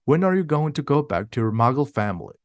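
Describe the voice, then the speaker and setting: A spoiled schoolboy bully who taunts and sneers, as a man reads him aloud. The storybook voice stays near the reader's own pitch and sounds dry and close. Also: big pitch swings, quick pace, dry recording, close to an everyday voice. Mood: taunting.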